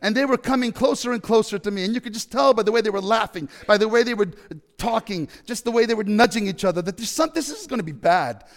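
A man's voice: sits high, expressive, fast talker, long reverb tail. A man preaching a sermon by telling a personal story, acting out the dialogue and asking the audience questions. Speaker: pastor.

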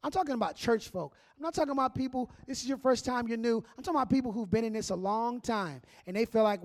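High-voiced animated male preacher. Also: quick pace, few pauses. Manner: animated, conversational preaching with call-and-response. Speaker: pastor. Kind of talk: sermon.

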